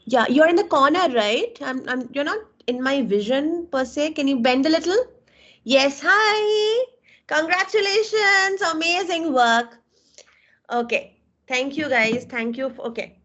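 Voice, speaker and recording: A woman with an Indian English accent, teaching a live online class and warmly praising her students' work, heard over a video call. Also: high voice, normal speed. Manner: encouraging, effusive praise, calls out names. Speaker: webinar instructor. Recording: dull lo-fi video call audio.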